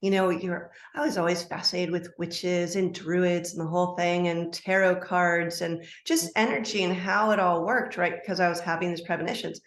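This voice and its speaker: A middle-aged woman, a life coach, telling a personal story as a podcast guest, animated and acting out quoted dialogue. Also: lowish voice, moderate pace, hardly any pauses. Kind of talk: storytelling interview answer. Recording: roomy echo.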